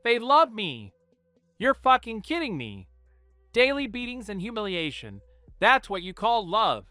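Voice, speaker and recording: A man's voice: high voice, very animated, normal speed, clean tone, dry recording, faint music behind, pitched above the performer's own voice, full character voice. A man doing a cold young ninja. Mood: furious. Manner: cold and clipped, bursting into shouts. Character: cold, guarded young male ninja, angry at his father.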